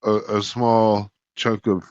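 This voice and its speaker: A man taking part in a tabletop game, speaking in an easy, rambling way. He talks slowly. The audio is dull and dry. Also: on the low side, flat delivery, a little mellow, dry recording. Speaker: player. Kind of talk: tabletop role-play.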